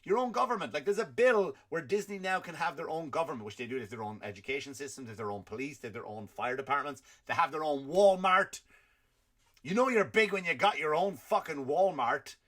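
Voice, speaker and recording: A man's voice: on the high side, animated, a little fast. A man, a comedian and podcast host ranting in a rambling, profane way. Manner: rambling, profane, jumps in loudness. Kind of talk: comedic rant.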